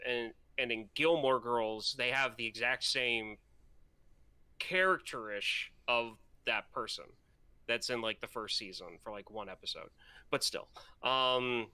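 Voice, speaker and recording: A man co-hosting a film podcast, speaking haltingly and hedging as he searches for words. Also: mid-range voice, pushed and bright, smooth, no room sound. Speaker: podcast co-host. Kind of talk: casual chat.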